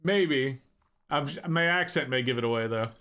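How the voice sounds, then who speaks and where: Man, easygoing livestream host, mid-pitched, musing, chatty. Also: moderate pace, clear, resonant tone. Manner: relaxed, thinks aloud with restarts. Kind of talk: casual livestream chat.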